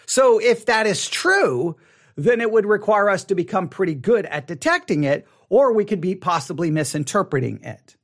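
This pastor's high male voice is expressive and fairly bright at a normal speed as he casually teaches an online Bible study. He asks his audience questions, restarting sentences and repeating words as he goes.

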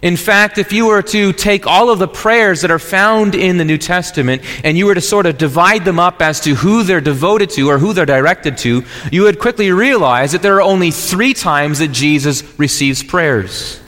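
A man's voice: sits high, normal speed, hardly any pauses, fairly bright tone, big-room sound. A man preaching a sermon as pastor, earnest and explanatory, often restarting phrases.

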